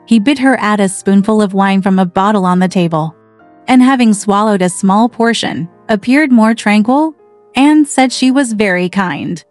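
A woman reading a classic novel aloud in a measured, even storytelling manner. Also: medium pitch, no room sound. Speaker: audiobook narrator. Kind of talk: literary narration. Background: faint background music.

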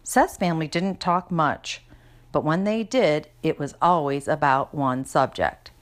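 A woman reads a children's chapter book aloud, narrating chattily in the first person. Her voice sits low for a woman and she keeps an easy, storytelling flow. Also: measured pace. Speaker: reader.

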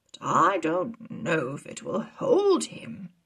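A woman voicing a calm, wise old wizard in a children's read-aloud story. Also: lowish voice, takes it slowly, husky, full character voice. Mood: urging.

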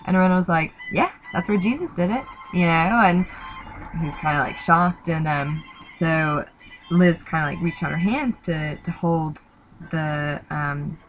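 Young woman, low register, casual storyteller who leans on fillers, light background noise. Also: steady tone, measured pace, low-quality recording. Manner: rambling with many fillers and quoted voices. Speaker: missionary recounting outreach.

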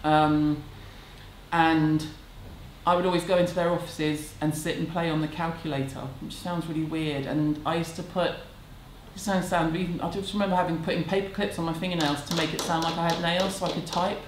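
A woman's voice: sits low, steady tone, fairly quick. Chatty woman in an echoey room. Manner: candid, chatty and self-deprecating. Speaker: vlogger answering viewer questions. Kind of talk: casual chat. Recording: echoey room, faint background hum.

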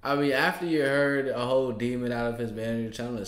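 A man's voice: mid-range voice, fast talker. A man gives casual reaction commentary, chatting straight to his viewers. His voice sits in a middle range and carries a roomy echo. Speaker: reaction video host.

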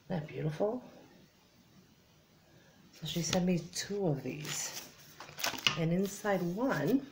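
A tired woman chatting casually in a soft, low-energy voice as she unboxes craft supplies, sometimes dropping to a whisper. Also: expressive, slow pace, creaky, background noise. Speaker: crafting vlogger.

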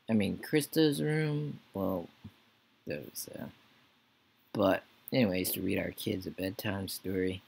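A man's voice: on the low side, vocal fry. A man giving casual gameplay commentary, mumbling to himself and talking to the characters on screen. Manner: mumbling, talks to the game characters. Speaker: Let's Play gamer.

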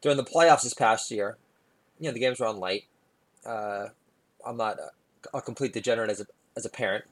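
A man tells stand-up stories about family life. His delivery is wry, with quick asides. When he quotes his small daughter, his pitch jumps up. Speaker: stand-up comedian. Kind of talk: stand-up storytelling.

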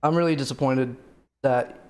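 A man's voice: medium pitch, steady tone, moderate pace, darkish tone. A man streaming live and chatting with his viewers, rambling and venting with lots of fillers and swearing. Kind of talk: casual chat to stream viewers.

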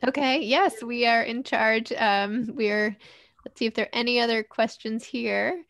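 A woman's voice: fairly high pitch, fairly even intonation, unhurried, vocal fry, a bit bright. A woman hosting a virtual book club on a video call, hesitant and friendly, with fillers. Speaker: host.

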